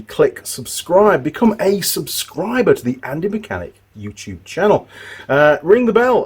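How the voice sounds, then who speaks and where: A middle-aged mechanic explains a repair in a casual, chatty way. His voice has a slightly breathy, husky edge at a middle pitch. He rambles and restarts as he goes. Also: darkish tone. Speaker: motorbike mechanic and channel host. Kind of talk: casual workshop tutorial.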